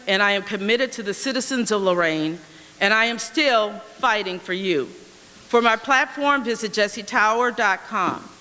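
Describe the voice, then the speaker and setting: A woman's voice: mid-range voice, pushed and bright. A woman running for mayor, giving firm and emphatic answers at a candidates forum. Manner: firm, emphatic, repetitive slogans. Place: school auditorium. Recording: reverberant hall.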